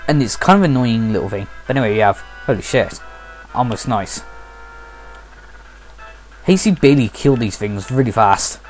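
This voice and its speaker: A man's voice: medium pitch, expressive, normal speed, soft background music. A sleepy man giving casual let's play commentary, rambling and often stopping to correct himself.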